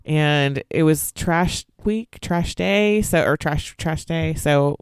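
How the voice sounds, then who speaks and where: Woman, 30s, podcast co-host; animated storyteller who acts out quotes; smooth, dry sound. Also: deep voice, slow pace, no room sound. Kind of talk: casual chat, storytelling.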